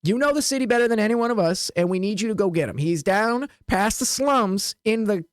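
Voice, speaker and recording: A woman's voice: medium pitch, animated, brisk, dry recording, studio quality. A woman narrating as game master in a loose, chatty way, with lots of fillers.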